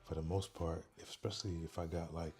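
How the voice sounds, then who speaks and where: A man hosting a casual livestream, talking softly and quietly into a microphone worn on his neck. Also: sits low, level tone, fast talker. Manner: soft, quiet, chill talk, reading chat aloud. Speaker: livestream host.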